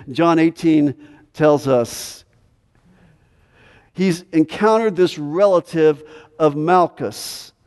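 Man preaching with emphatic rises and falls. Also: on the high side. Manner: emphatic, drops to quiet intensity. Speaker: pastor. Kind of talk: expository sermon. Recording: long hall reverb.

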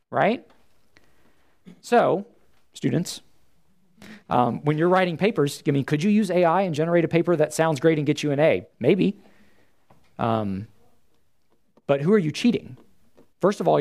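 A man's voice: fairly high pitch, vocal fry. Earnest man giving a church talk. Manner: earnest, conversational, many fillers.

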